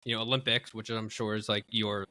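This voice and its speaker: A man's voice: on the low side, level tone, brisk, pushed and bright. A man hosting a podcast, asking casual questions in loose, searching phrasing full of fillers. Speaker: podcast host.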